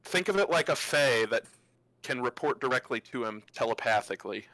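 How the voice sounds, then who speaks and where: A learned sorceress, voiced by a man running a tabletop game, speaks plainly and matter-of-factly. The sound is bright and close, with no room around it. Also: medium pitch, expressive, fairly quick, no room sound, low-quality recording. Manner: matter-of-fact, quoted through narration. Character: knowledgeable woman scholar, a sorceress.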